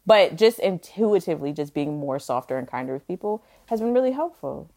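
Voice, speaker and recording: Animated chatty woman podcast host. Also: deep voice, brisk, few pauses. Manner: animated, filler-heavy storytelling. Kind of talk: casual chat.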